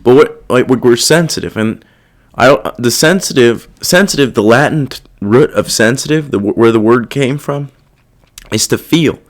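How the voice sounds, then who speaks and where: Speaking at a normal speed in a mid-range voice, a young male podcast host muses aloud about his emotions. His casual monologue wanders, turns inward, and swears heavily.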